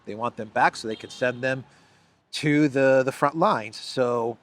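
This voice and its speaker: A man's voice: medium pitch, unhurried. A man hosting a solo news commentary, talking in an emphatic, sarcastic way with frequent restarts. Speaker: political commentary host.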